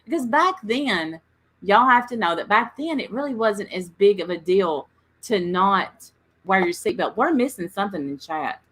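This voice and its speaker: A chatty woman hosting a casual livestream. Her voice is bright and forward. She tells rambling stories and talks straight to the people in her chat. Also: mid-range voice, lively intonation, normal speed. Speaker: livestream host.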